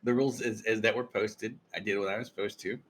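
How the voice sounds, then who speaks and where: Low-voiced man, rambling and reassuring. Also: steady tone, fast talker, a bit bright, slight background noise. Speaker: guild member. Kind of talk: casual voice chat.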